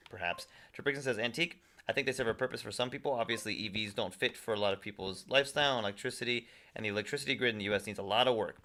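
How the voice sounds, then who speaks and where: A man's voice: fairly low pitch, gravelly, bright, forceful tone. A young man streaming a game, reading viewer messages aloud and chatting back casually. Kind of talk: casual live-stream chat.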